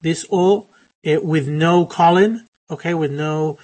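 A man's voice: on the high side, takes it slowly, a little mellow. Hesitant male phonetics teacher. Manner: hesitant, many fillers and restarts. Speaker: pronunciation teacher. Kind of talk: live phonetics lesson.

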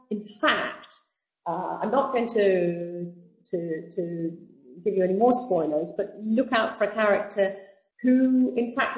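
A woman's voice: medium pitch, a little mellow. A woman teacher explaining a novel to students, with chatty asides and restarts. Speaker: literature teacher. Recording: dull roomy sound.

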